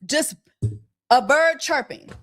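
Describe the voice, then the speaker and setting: Exasperated woman livestream host, higher voice. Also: animated, slow pace, fairly bright tone. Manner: exasperated, repeating rhetorical questions; mocking, with quacking and bird jokes. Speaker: host of a celebrity gossip livestream. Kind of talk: casual livestream commentary.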